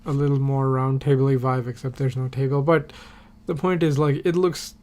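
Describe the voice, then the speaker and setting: A man's voice: medium pitch, fairly even intonation, normal speed, a little mellow. A man recapping a TV episode on a podcast in a casual, rambling way, full of fillers and casual swearing. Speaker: podcast host.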